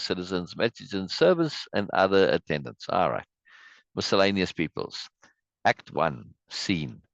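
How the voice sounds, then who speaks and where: A man with a low voice leads a casual play reading and drifts into chatty, musing asides. His intonation rises and falls in lively swings. Heard over a video call with dull, dry audio. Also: dry recording. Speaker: host reading a play aloud.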